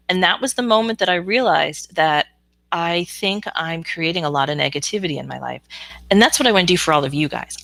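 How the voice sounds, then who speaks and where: A woman with a lowish, bright voice talks casually on a live stream as a psychic reader. She is chatty and frank and answers viewers' comments with plenty of ums. The sound is close and dry. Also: gravelly, no echo.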